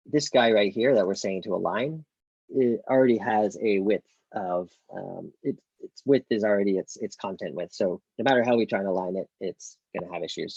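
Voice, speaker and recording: Low gravelly man teaching code. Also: a little mellow, no echo, muffled recording. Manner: thinks aloud with many ums, self-corrections. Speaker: coding instructor. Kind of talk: casual live-coding tutorial.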